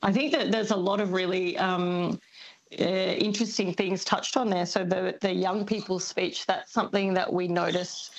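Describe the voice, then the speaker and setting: A woman's voice: on the low side, fairly even intonation, normal speed, creaky, highs cut off. A woman guest on a radio show, thoughtfully explaining accents and language change with frequent ums. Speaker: linguistics expert guest. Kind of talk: radio interview.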